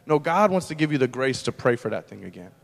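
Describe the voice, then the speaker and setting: A man pastor preaching a sermon, moving between loud, emphatic lines and hushed, quiet ones. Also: medium pitch, sing-song, quick pace, gravelly, in a large hall.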